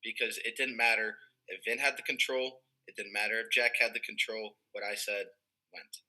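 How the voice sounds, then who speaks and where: A young man chatting casually as a podcast panelist, telling animated stories full of fillers and swearing. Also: lowish voice, moderate pace, rough recording. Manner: animated storytelling, heavy "like" fillers, swears freely. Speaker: podcast panelist, former player. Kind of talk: casual chat.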